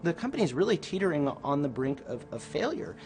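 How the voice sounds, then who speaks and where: A man's voice: on the high side, very animated, fast talker, creaky, a little mellow, soft background music. A man being interviewed, recounting events like a story.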